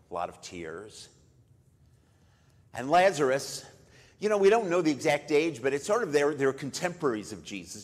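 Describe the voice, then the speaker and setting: A man preaching at a memorial service, retelling a story in a conversational way and jumping much louder for quoted lines. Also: medium pitch. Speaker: pastor. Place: church. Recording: long church reverb.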